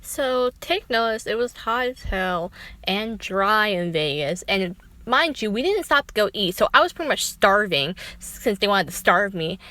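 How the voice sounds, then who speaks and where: A woman telling a casual storytime vlog, animated and swearing freely, leaping up in pitch when she quotes people. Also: measured pace. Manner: dramatic pitch jumps when quoting people. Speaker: vlogger.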